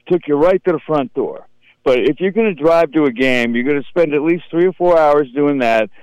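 A man's voice: fairly high pitch, brisk, a little mellow, smooth, no echo, dull audio. A man in his fifties hosting a sports radio show, speaking in an opinionated way and often repeating words. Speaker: radio host. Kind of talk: casual sports radio chat.

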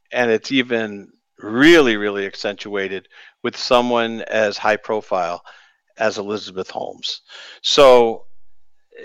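A man hosts a late-night sports radio show and tells a personal story in a candid, conversational way. His voice sounds smooth and resonant at a middle pitch. It is close-miked and dry, with no room around it. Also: fairly bright tone, no room sound. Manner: candid and storytelling, with rueful laughs. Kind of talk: casual radio monologue.

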